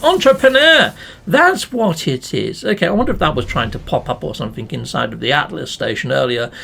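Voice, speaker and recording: A man's voice: medium pitch, lively intonation, fairly quick, gravelly, fairly bright tone, breathy edge. A man giving playful, chatty commentary as he plays a video game, with mild swearing, talking to his viewers. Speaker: let's play gamer.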